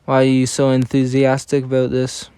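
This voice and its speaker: Man reading game dialogue in a flat, even voice. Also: medium pitch, normal speed, clear, resonant tone, no echo. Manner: even, unacted reading with frequent stumbles and self-corrections. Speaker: reader of game story scenes.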